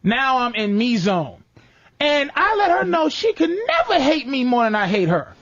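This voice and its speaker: A man's voice: very high-pitched, huge pitch swings, normal speed, a bit bright, lo-fi sound. A man telling crude, joking stories in casual podcast chat.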